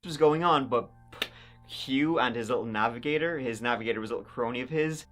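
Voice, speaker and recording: A man's voice: mid-range voice, brisk, fairly bright tone, soft background music. A man narrating history in a casual, conversational storytelling style with wry, sardonic asides.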